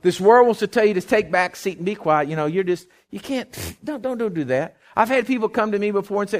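A male pastor preaches a sermon with animation, sitting high in pitch and moving fairly quickly with few pauses. He breaks into loud bursts, folksy joking asides, and call-and-response questions to the congregation.

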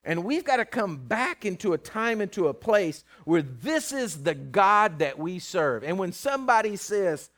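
A man preaching a sermon, folksy and teasing, swinging from loud to hushed. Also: sits high, sing-song, measured pace, few pauses. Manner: plain-spoken, folksy, teasing.

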